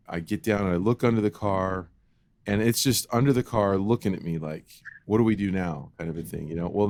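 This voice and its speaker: A man co-hosting a podcast, telling a childhood story in an animated, casual way and acting out the voices. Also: low voice, no room sound. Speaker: podcast co-host.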